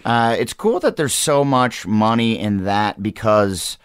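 A man in his thirties, a podcast guest chatting casually and telling lively stories, slipping into character voices. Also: on the low side, takes it slowly, clean tone, no echo, studio quality. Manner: animated storyteller, slips into character voices. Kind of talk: casual chat.

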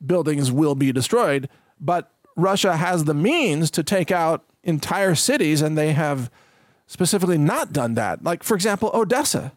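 A man's voice: fairly high pitch, expressive, normal speed, no room sound, clean studio sound. A man giving solo political commentary, reading out quotes and paraphrasing them in an emphatic, conversational way with frequent fillers.

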